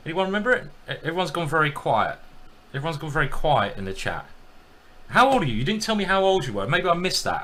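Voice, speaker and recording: Lively chess streamer. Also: male voice, on the high side. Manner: animated, self-mocking, talks to chat. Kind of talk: live commentary while playing blitz.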